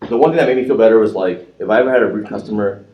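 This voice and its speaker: A middle-aged man with a fairly low voice talks quickly and reflectively in a casual podcast chat. He shares advice, and his voice bounces around a noticeably echoey room. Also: muffled recording. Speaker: podcast co-host.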